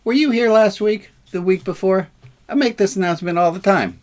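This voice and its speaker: A man leading a relaxed, informal service, joking and self-deprecating, with sarcastic asides. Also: sits high, a little fast.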